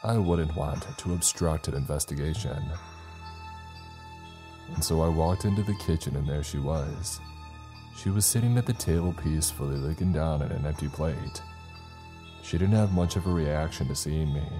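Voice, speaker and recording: A man's voice: extremely low pitch, normal speed, music in the background. A man narrating a scripted first-person horror story in an uneasy, rambling, confessional way.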